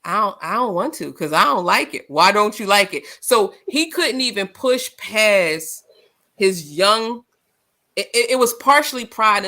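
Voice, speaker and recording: A woman co-hosting a live discussion show, loud and passionate, telling stories with acted-out quotes. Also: medium pitch. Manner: animated, storytelling with acted quotes. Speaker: podcast co-host.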